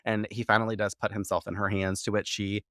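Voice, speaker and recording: A man's voice: lowish voice, flat delivery, fast, sharp tone, no room sound, studio quality. A man co-hosting a podcast, giving a loose, rambling recap full of "like" and casual swearing, laughing often. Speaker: podcast co-host recapping episodes.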